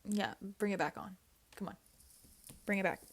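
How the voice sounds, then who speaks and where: A woman's voice: mid-range voice, moderate pace. A woman vlogger giving a blunt, opinionated reality TV recap, repeating herself and swearing in casual slang.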